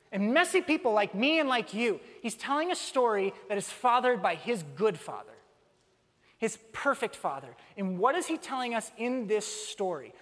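Give me a young male pastor preaching with animated humor, his voice ringing in a large reverberant hall. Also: very high-pitched. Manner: animated storytelling with self-mocking humor. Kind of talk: sermon.

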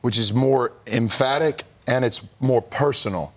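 A man's voice: medium pitch, unhurried, fairly bright tone. A man taking part in a Bible study discussion, explaining a passage with restarts as he thinks.

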